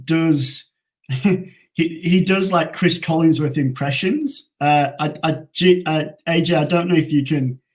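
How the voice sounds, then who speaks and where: A man's voice: fairly high pitch, unhurried. An Australian man co-hosting a casual sports chat, rambling and stumbling over names. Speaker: podcast co-host.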